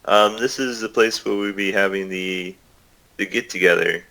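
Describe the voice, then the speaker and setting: A man voicing a big, bearded, gruff male sailor who rambles and chuckles while scheming. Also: low voice, steady tone, normal speed, bright, forceful tone, exaggerated voice, rough recording.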